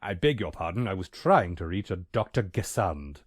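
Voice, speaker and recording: A man's voice: sits low, sing-song, normal speed, husky, no room sound, heavily acted. An actor voicing a prim, formal male butler with dry, polite delivery. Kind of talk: video game voice acting.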